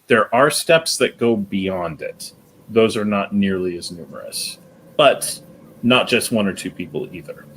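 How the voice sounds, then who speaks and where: Lower-voiced male game master. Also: lively intonation, measured pace, fairly bright tone, slight background noise. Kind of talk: narrating a tabletop game.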